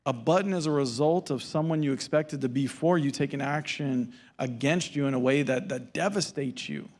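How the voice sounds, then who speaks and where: A man's voice: mid-range voice, moderate pace, a little mellow. A male pastor giving a sermon in a casual storytelling manner and acting out the dialogue.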